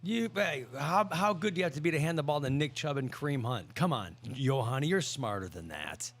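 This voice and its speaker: A man's voice: fairly high pitch, lively intonation, a little fast, fairly bright tone. A man co-hosting a casual food talk show, blunt and joking. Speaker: co-host. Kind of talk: casual chat.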